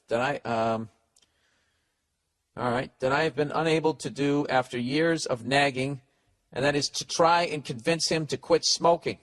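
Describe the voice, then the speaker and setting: A man's voice: mid-range voice, fairly bright tone, no echo. Profane ranting male podcast host. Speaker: podcast host giving advice. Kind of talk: comedic advice rant.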